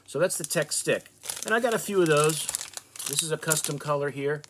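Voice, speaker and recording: An American man from the northeastern United States, hosting a fishing channel, casually showing off soft plastic baits in a relaxed, chatty way with fillers. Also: fairly high pitch, brisk, noisy background. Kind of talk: casual product show-and-tell.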